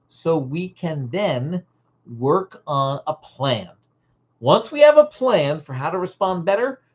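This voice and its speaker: Animated parenting coach, lo-fi livestream. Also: medium pitch, breathy edge. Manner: animated, acts out short dialogues. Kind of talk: livestream teaching talk.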